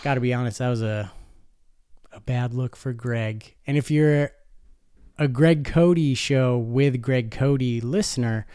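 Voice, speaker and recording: A man's voice: mid-range voice, unhurried, dark tone, smooth, no echo. A man hosting a fan podcast alone, talking casually and rambling, calling his listeners folks. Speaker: podcast host. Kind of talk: casual solo podcast talk.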